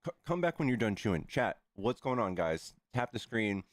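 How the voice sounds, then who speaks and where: Guy streaming live, kinda low voice, joking around and annoyed, dry close mic. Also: moderate pace, no echo. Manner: joking, exasperated, jumps high when excited. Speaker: livestream host. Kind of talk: casual livestream debate chat.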